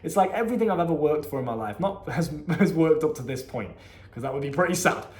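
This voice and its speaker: A man's voice: fairly high pitch, fast talker. Slangy young man with an echoey sound. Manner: animated, slangy and profane. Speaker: vlogger. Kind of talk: casual storytelling. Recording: echoey room.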